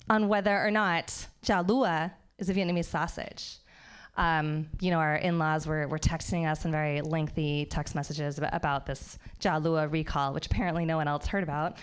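A woman doing a stand-up set on a comedy club stage, wry, with animated mock outrage. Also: deep voice, clear, resonant tone.

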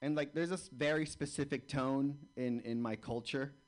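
A man's voice: mid-range voice, moderate pace. A man doing stand-up comedy, telling a long story and acting out the other people's lines. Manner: animated storyteller, acts out dialogue. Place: comedy club stage.

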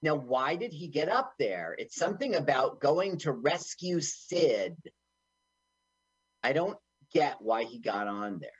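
A man's voice: medium pitch, sing-song, a little slow, slightly rough, dry recording, dull audio. A man co-hosting an internet radio show, joking his way through a movie and acting out its lines in silly voices. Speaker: podcast co-host. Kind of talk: casual movie commentary chat.

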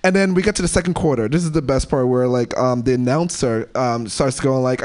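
A man's voice: mid-range voice, brisk, few pauses, darkish tone. A male comedian from New York telling a rambling stand-up story full of fillers.

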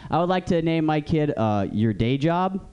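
Lively, profane male stand-up comic. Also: fairly high pitch, moderate pace, clear, resonant tone, lo-fi sound. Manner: profane, rambling storytelling. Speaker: stand-up comedian. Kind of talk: stand-up comedy set.

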